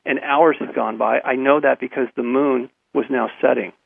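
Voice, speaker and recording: A man guest telling a personal story in a radio interview, halting and repeating his words, with frequent chuckles, over a phone line. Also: mid-range voice, steady tone, gravelly, husky, dry recording.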